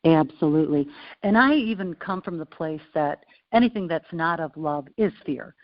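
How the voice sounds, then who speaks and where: A woman talking as an interview guest, telling stories with an animated, playful manner, on a dull lo-fi recording. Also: low voice, moderate pace, no echo. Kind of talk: casual interview conversation. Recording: dull lo-fi sound.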